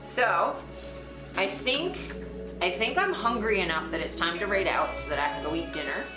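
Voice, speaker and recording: Woman streamer, low voice, echoey. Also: animated, moderate pace. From Toronto, Canada. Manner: chatty, swears casually, trails off with fillers. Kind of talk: casual live-stream chat. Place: home room, livestream. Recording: roomy echo with music playing.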